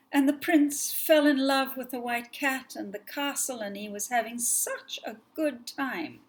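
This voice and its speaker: A woman storyteller telling an old fairy tale by heart. Her voice sits fairly high, and her telling is gentle and expressive, at times sinking to a near whisper. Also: poor audio. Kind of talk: fairy tale told from memory.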